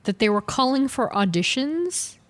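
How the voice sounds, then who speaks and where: Lively, higher-voiced woman co-hosting a podcast. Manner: animated storyteller, quick self-corrections. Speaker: podcast co-host. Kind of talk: casual chat.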